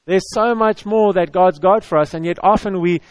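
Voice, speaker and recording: A man with a high voice preaches a sermon to an audience in a church hall, speaking at a normal pace with no room sound. His delivery is conversational and repetitive, with stammered restarts.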